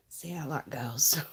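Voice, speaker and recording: A woman's voice: deep voice, creaky, husky. A woman with a Lancashire accent, chatting rambly on a livestream and reading viewer comments aloud. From Lancashire, England. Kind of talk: casual livestream chat.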